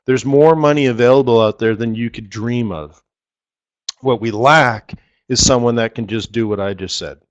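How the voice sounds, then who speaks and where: A man's voice: mid-range voice, moderate pace, muffled recording. A middle-aged man hosting a live forex strategy session, rambling and repeating words for emphasis. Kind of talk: live trading webinar talk.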